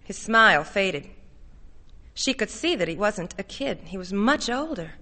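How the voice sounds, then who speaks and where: Bright-voiced woman reading a story aloud. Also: medium pitch, big pitch swings, a little slow. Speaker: reader.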